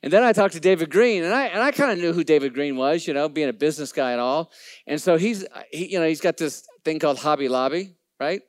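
A man with a fairly high voice tells a faith story to a live crowd. He is animated and playful, acts out each person's lines, and throws asides to the audience. The sound is close and dry. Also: quick pace, dry recording. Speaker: Christian business speaker.

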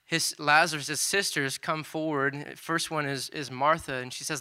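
A man's voice: fairly high pitch, fairly even intonation, moderate pace, hardly any pauses, pushed and bright, clear, resonant tone. A man preaching a sermon, retelling scripture in a loose, conversational way with casual asides.

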